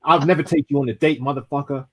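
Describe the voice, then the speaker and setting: A man's voice: on the high side, fairly even intonation, quick pace, slightly rough, low-quality recording. A man from London throwing crude, swear-heavy freestyle insults in a trash-talk battle.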